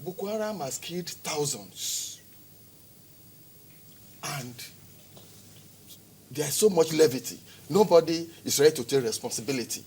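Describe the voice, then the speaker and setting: In a TV studio, a security expert with a Nigerian accent presses his case hard, repeating words and firing off rhetorical questions. He speaks a little slowly in a fairly high, expressive voice, pausing often against slight background noise.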